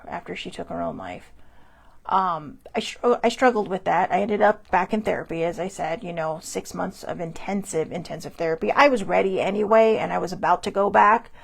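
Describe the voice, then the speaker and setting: A woman's voice: fairly low pitch, brisk, creaky. A woman hosting a personal mental health talk, speaking in a candid, confessional way. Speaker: host.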